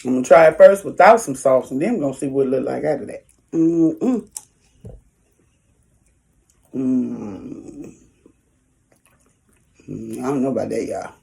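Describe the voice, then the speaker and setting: A woman's voice: rumbling low, lively intonation, unhurried, creaky, pauses often, dark tone. A woman talking casually to her viewers in an eating vlog, chatty and folksy, chewing while she talks. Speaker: food vlogger.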